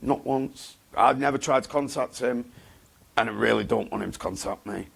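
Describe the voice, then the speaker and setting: A man, talking bluntly and haltingly in a candid interview, often repeating himself. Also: mid-range voice, creaky, breathy edge. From England. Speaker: interview guest.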